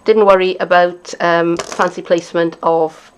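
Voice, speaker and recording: A woman demonstrating card-making, chatting and thinking aloud as she works, sometimes dropping to a quiet mutter. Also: lowish voice, level tone, a little slow, a little hiss or hum. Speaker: craft demonstrator.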